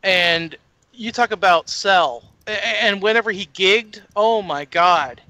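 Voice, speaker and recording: A man co-hosting a casual wrestling talk podcast, excitable, stumbling over words and swearing freely. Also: high voice, measured pace, no room sound. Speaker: podcast co-host.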